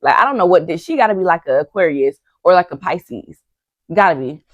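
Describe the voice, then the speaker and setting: Brisk and expressive, her voice on the low side, a young recap vlogger gossips about reality TV straight to viewers she calls y'all, acting out what people said. The recording is dry and muffled.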